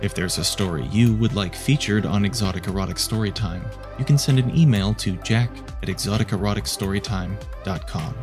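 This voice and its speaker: A man narrating and producing an audio story in a measured, low-key, hushed reading. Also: over music.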